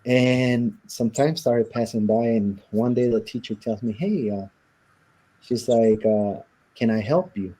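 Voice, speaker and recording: A man's voice: mid-range voice, steady tone, a little slow, dark tone. A man in an interview, casually telling his life story with lots of quoted back-and-forth and fillers. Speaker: interview guest.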